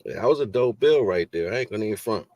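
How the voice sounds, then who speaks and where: A man with a lowish voice and rambles through a casual livestream chat, musing aloud and checking in with the listener. The sound is dry and close, with no room around it. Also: lively intonation, fast talker, a little mellow, dry recording. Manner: rambling, musing, lots of "you know what I'm saying".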